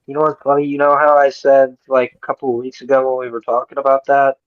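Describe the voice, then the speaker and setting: A man's voice: mid-range voice, little pitch movement, fast, no echo, muffled recording. A man co-hosting a podcast who jumps in with jokes and swearing during casual banter. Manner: joking, interjecting, swearing. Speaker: podcast co-host.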